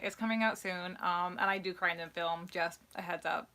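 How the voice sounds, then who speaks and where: A woman co-hosts a live question-and-answer stream in a loose, rambling way, full of fillers and false starts. Her voice is bright and forward and sits slightly low. She sounds emotional and earnest as she talks. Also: fairly even intonation, fairly quick, few pauses. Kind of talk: casual live Q&A chat.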